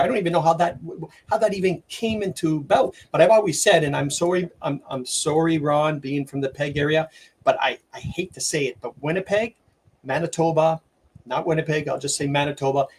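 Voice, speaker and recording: A middle-aged man, hosting a livestream and ranting excitedly, with lots of stumbles and restarts. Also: fairly high pitch, husky. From Canada. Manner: excitable, rambling rant with many restarts. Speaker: livestream host. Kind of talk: opinionated livestream commentary.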